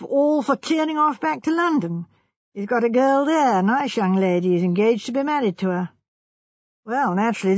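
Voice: mid-range voice, slightly rough, no room sound, muffled recording. A reader voicing a blunt, matter-of-fact village police inspector in an audiobook. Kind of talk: audiobook character voice.

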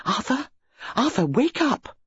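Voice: medium pitch, huge pitch swings, normal speed, a little mellow, slightly rough, dry recording, voice pushed up, heavily acted. A reader voicing an insistent upper-class English wife who speaks urgently and firmly, in a dull lo-fi storybook recording. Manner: urgent, firm.

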